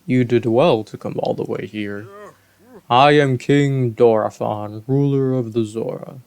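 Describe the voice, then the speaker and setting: A man voicing an aged, huge male fish-folk king in a video game, speaking formally and slowly. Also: mid-range voice, steady tone, creaky, darkish tone, smooth. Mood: regal. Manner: formal, stately, slow and courtly.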